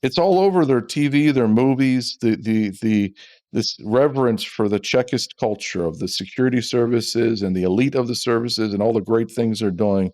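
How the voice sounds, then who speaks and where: A man's voice: mid-range voice, moderate pace, darkish tone. A middle-aged man, a former intelligence officer, talking emphatically as a guest on an interview podcast. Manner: emphatic, repeats words when fired up. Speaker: ex-CIA officer, guest expert.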